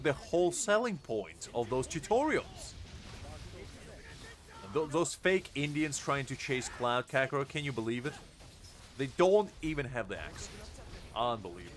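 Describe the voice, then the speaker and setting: A tired man streamer in casual live-stream chat, joking and answering his chat. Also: a little high. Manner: jokey, laughs often, reads chat aloud. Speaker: game streamer.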